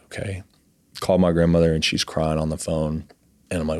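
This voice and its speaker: A man telling his personal faith testimony in an earnest, emotional, halting way, often pausing on "like". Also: extremely low pitch, level tone, darkish tone, no echo. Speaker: guest sharing his testimony.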